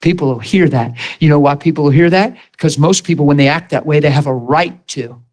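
A man's voice: fairly high pitch, a little fast, darkish tone, poor audio. A man, a pastor, preaching a sermon and telling a personal story, acting out the lines of the people in it. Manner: storytelling, acts out quoted dialogue with rising and falling voice.

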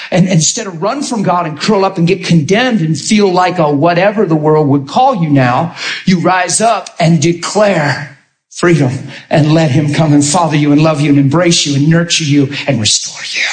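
Animated male preacher in an echoey room. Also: fairly high pitch, normal speed. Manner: animated storytelling, acting out quotes. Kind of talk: sermon.

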